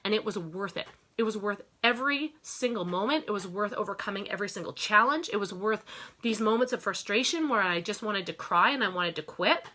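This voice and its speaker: Bright, emphatic motivational woman. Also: medium pitch, brisk. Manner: emphatic and repetitive, addresses listeners as "you guys". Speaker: network marketing business owner. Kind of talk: motivational talk.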